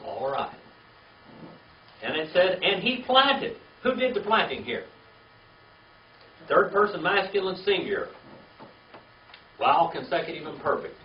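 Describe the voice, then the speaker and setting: Unhurried and sing-song, his high voice leaves long pauses as he teaches a small Bible class. He asks questions, repeats key words and checks in with "all right?" after each point. The sound is distant and echoey, a dull room recording with faint hiss.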